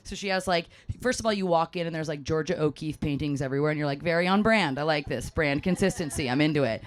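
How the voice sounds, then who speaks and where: A woman telling an animated, self-mocking story to a live audience, often acting out what others said. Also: low voice, fast. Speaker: panel speaker at a live event.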